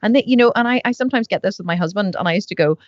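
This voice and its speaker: A woman's voice: mid-range voice, racing, no room sound. Woman podcast host rattling on from bed, blunt and sweary, dull dry sound. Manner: blunt, swears freely, acts out other people's voices. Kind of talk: casual conversation. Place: sitting in bed at home.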